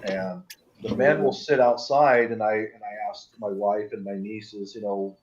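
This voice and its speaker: A man's voice: on the low side, fairly even intonation, a little slow, darkish tone. A man chatting casually on a livestream, telling stories in a stop-start, rambling way. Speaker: livestream guest. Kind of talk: casual chat. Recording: dull lo-fi audio.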